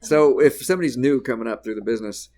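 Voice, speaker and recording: A man hosting a casual interview, chatty and quick to laugh with his guest. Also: mid-range voice, darkish tone, a little hiss or hum. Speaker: host.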